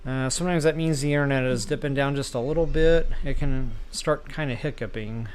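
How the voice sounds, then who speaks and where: A man talking to his viewers in a relaxed, chatty way while he plays a game live. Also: mid-range voice, a little fast, clear, resonant tone. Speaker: game streamer. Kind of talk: live gameplay commentary.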